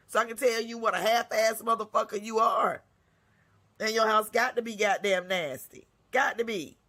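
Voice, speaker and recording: A woman's voice: on the high side, moderate pace, sharp tone. A woman hosting her own segment, delivering a blunt, scolding rant full of cursing. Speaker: segment host. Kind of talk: profane ranting monologue.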